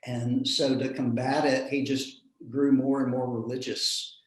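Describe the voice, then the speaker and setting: A man, a minister telling a personal story in an earnest, reflective way with soft chuckles. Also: mid-range voice, little pitch movement, unhurried. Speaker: minister in a panel discussion. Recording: roomy echo.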